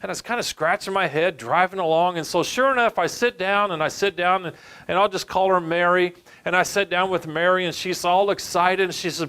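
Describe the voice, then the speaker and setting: Animated man, higher-pitched advisor. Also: a little fast, smooth. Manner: animated, addresses listeners as folks. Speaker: retirement benefits advisor. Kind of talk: storytelling presentation.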